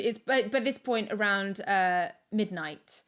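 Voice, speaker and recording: Her voice on the high side and her pace unhurried, a woman in her thirties guests on a podcast from home, recorded remotely. She tells a casual story in a chatty, animated manner packed with restarts and acted-out quotes.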